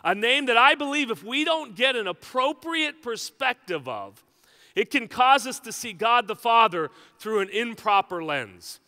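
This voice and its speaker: A man's voice: very high voice, very animated, unhurried, sharp tone, long reverb tail. A male pastor preaching a sermon in a conversational, joking way, often checking in with the congregation. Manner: conversational and joking, with frequent "right?" asides.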